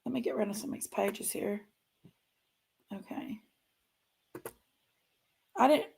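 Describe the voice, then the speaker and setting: A woman's voice: mid-range voice, slow pace, creaky, a little mellow, slight background noise. A woman, hosting a casual true crime talk stream and chatting straight to her viewers, often trailing off and repeating herself. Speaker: true crime channel host. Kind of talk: casual livestream commentary.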